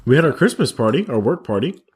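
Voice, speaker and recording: A man co-hosting a sports podcast, easygoing and quick with short reactions. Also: medium pitch, big pitch swings, breathy edge. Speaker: podcast co-host. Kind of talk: casual sports chat.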